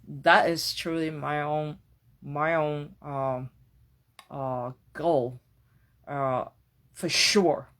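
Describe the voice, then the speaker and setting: A woman's voice: low voice, steady tone, drawn-out words, pauses often, a bit bright. A woman hosting a podcast, talking through a reflective personal monologue in an earnest, searching way, casual and with the odd swear word. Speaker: podcast host.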